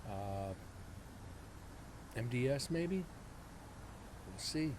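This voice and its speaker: A man's voice: mid-range voice, drawn-out words. A man in his forties hosting a live-streamed paranormal show, chatting casually and rambling with self-mocking asides to his viewers. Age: 40s. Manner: rambling, self-mocking, talks to chat directly. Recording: steady background noise.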